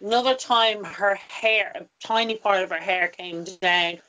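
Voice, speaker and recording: A woman hosts a casual talk show and rants with heated, exasperated indignation. Her pitch sits at an ordinary middle height. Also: unhurried, bright, forceful tone. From Ireland. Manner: indignant, ranting. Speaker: host. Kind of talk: casual chat.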